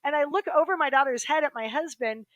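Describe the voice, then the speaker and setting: A middle-aged woman, an attorney, telling a lively personal story in a casual interview. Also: sits high, fast talker, dry recording, highs cut off. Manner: lively anecdotal storytelling with quoted voices. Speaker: guest, human rights attorney.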